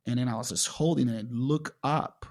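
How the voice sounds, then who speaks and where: A man's voice: medium pitch, a little fast, a little mellow. A man whose first language is Portuguese, a jiu-jitsu champion telling stories in a casual interview and acting out his own past lines.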